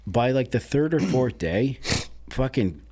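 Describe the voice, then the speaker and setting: A man's voice: medium pitch, animated, slow, a little mellow, slightly rough. A man talking as a podcast guest, candid and blunt, swearing freely and often restarting his sentences. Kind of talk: casual conversation.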